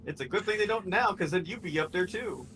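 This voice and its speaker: A man's voice: sits high, fast, heavy reverb, long reverb tail, crowd noise. A man joking back and laughing in casual gaming voice chat.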